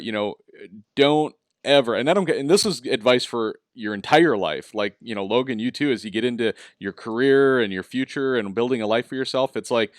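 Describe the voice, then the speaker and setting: A man's voice: fairly low pitch, dry recording, studio quality. A middle-aged man hosting a casual interview, talking in an easygoing coaching way, often asking "right?". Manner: easygoing, coaching tone with lots of "you know" and "right?". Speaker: host.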